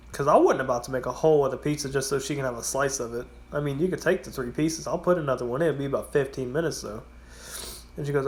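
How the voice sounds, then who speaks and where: In this casual storytelling vlog, a man with a mid-range voice talks fast. He works at a gas station and spins rambling stories about the job, swearing freely and imitating his customers.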